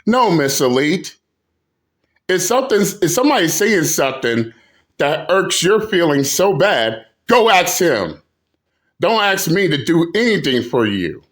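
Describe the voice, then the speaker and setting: Combative high-voiced male ranter. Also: big pitch swings, unhurried, fairly bright tone. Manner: combative, insulting, repetitive restarts. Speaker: commentary channel host. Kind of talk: reaction rant commentary.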